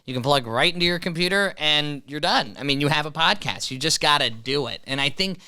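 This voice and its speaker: Very bright young man, earnest advice. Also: a little high, animated, a little fast, smooth. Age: young adult. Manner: earnest and encouraging, filler-heavy. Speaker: podcast co-host. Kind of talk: casual chat.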